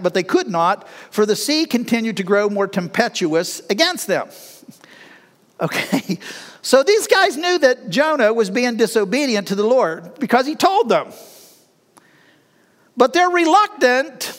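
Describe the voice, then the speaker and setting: A middle-aged male pastor preaching with a high, lively voice that swoops up and down. He talks in a folksy, animated way and laughs between his lines. The sound carries a long hall reverb. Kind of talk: sermon.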